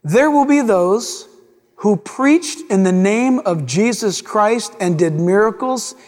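High-voiced, dramatic preacher man. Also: lively intonation, takes it slowly, a little mellow, big-room sound. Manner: dramatic, acts out voices of scripture figures. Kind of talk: sermon.

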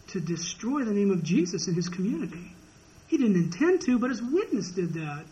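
A man preaching a sermon in an earnest way, rising and falling for emphasis. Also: high voice. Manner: earnest, rises and falls in emphasis. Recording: dull lo-fi recording.

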